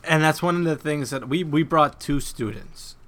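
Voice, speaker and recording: A man's voice: a little high, moderate pace, a bit bright. A man hosting and editing a podcast, chatting casually in an easygoing, joking way. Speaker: podcast host and editor.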